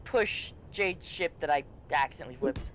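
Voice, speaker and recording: A man's voice: fairly high pitch, expressive, normal speed, fairly bright tone, a little hiss or hum. Dry, self-deprecating man gaming. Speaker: gaming co-player. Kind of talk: casual gaming chat.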